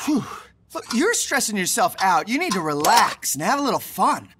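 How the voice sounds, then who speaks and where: Easygoing cartoon tomcat, animated and jokey, a woman acting it. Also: mid-range voice, a little slow, heavy background noise. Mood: laid-back. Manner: laid-back, joking. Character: playful, carefree male cartoon cat. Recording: music behind.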